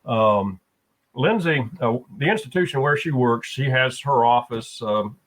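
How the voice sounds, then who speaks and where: A man speaking in a voice of middle pitch, neither high nor low. He tells a story in a relaxed, conversational way, pausing with frequent fillers as he goes. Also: rough recording. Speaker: guest. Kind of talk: casual conversation.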